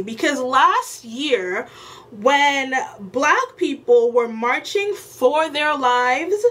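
A woman's voice: high-pitched, fairly bright tone. A woman video creator delivering an exasperated, emphatic rant in a casual commentary vlog, often repeating herself for effect.

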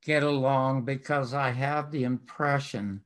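A man's voice: medium pitch, steady tone, a little slow. An older man hosting a talk show, asking long, effusive questions with emphatic praise. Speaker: host.

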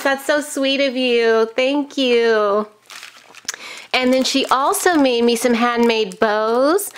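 Thirtysomething woman crafter gushing over a package, highish voice, slow easy talk, lots of oh my gosh gasps. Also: smooth. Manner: gushing, enthusiastic, frequent gasps. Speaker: crafting YouTuber. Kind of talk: casual unboxing chat.

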